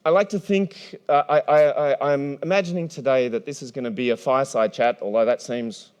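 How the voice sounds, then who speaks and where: A man moderating a conference panel in a large hall, energetic and playful, often restarting his sentences. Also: medium pitch.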